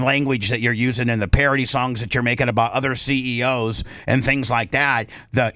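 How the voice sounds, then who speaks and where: A man's voice: medium pitch, fairly bright tone, no room sound. A brash male talk-radio host spins a story, playing out both sides of the argument in his telling. His voice sits in a middle range and is picked up close in a dry studio.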